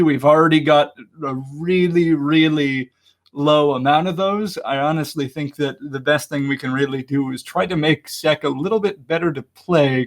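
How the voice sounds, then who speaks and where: A man hosting a casual online community meeting, rambling with lots of fillers and laughs. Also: a little high.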